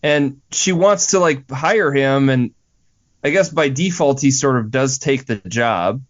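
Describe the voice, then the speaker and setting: A man's voice: mid-range voice, measured pace, muffled recording. A man co-hosting a podcast, chatting casually about a film, swearing freely and getting incredulous. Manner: exasperated, swears freely, rising to incredulous outbursts. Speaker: podcast co-host. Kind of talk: casual movie-review chat.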